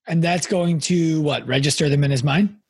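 A man's voice: on the high side, normal speed, gravelly, breathy edge, no echo. A man hosting a podcast interview, asking short clarifying questions. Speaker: podcast host. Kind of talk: conversational interview.

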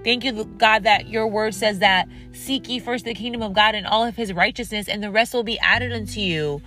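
A woman hosts a devotional podcast, preaching earnestly and stacking up repeated phrases for emphasis. Her voice sits at an ordinary middle pitch. Soft music plays faintly underneath her. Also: moderate pace. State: tired and dry-mouthed. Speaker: podcast host. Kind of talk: devotional talk and prayer.

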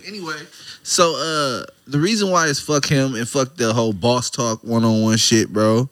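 A man co-hosts a casual podcast, loose and joking, laughing easily. His voice is bright and forward. The sound is dry and close. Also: medium pitch, normal speed, dry recording. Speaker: podcast co-host. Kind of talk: casual chat.

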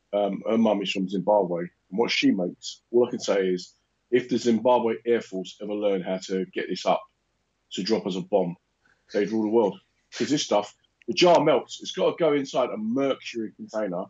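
A man's voice: fairly low pitch, moderate pace, darkish tone. A man in casual podcast chat, telling jokey stories and mimicking other people. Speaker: podcast co-host. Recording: slightly dull, lo-fi.

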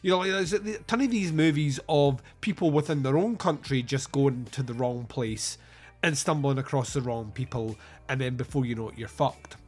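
A man's voice: mid-range voice, normal speed. A Scottish man from Scotland chatting casually about films, rambling through anecdotes and swearing freely.

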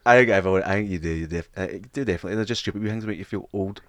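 A man's voice: low voice, no room sound. A Scottish man in his thirties co-hosting a podcast, swearing freely and laughing as he tells stories. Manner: sweary, laughing, fast storytelling. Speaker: podcast co-host. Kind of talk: casual chat.

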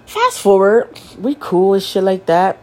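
Young woman, solo podcast host, stuffy nose; raw, swearing, confessional delivery with a lively, swinging pitch. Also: a little slow. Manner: blunt, profane, emotional and confessional. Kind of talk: candid solo podcast monologue.

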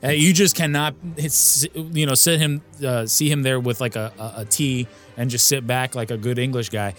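A man on a podcast talks about a film in a loose, rambling way, circling back and restarting his sentences. His voice sits at an ordinary pitch, and faint music plays underneath. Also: steady tone, moderate pace. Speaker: podcast co-host. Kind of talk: casual movie discussion.

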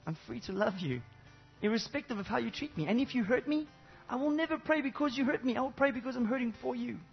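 A man preaching a sermon to a congregation, animated, swinging between loud exclamations and low intimate asides, with many rhetorical questions. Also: fast talker, vocal fry, highs cut off, soft background music. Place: church service before a congregation.

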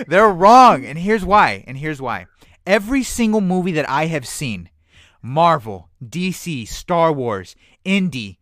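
Upbeat podcast dude, keeps repeating himself for emphasis, bit high pitched, dry mic. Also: male voice, no room sound. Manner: animated, emphatic, repeats phrases. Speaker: podcast co-host. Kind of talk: casual podcast chat.

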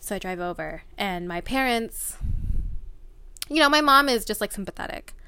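A woman's voice: medium pitch, moderate pace, slight background noise. Frank, profane woman in her late twenties. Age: late 20s. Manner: frank, profane, animated storytelling. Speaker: storyteller. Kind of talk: casual podcast chat.

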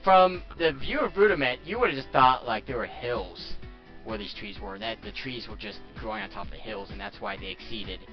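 A man narrating as game master of a tabletop game in an animated, laughing way. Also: medium pitch. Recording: dull lo-fi audio with faint music.

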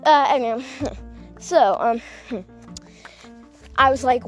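High-voiced giggly rambling woman. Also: slow, pauses often, soft background music. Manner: rambling, giggly, full of fillers and self-interruptions. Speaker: podcast host. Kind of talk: casual storytelling chat.

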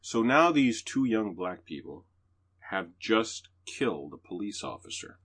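A man hosts a podcast about movies, chatting casually and swearing freely as he gives animated retellings. His voice is fairly low, with an unhurried pace and a breathy edge.

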